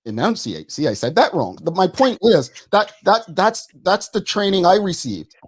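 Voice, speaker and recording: A man, co-hosting a studio talk show and arguing his point quickly and emphatically, repeating words. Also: sits high, big pitch swings, slightly rough. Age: 40s. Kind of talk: studio debate.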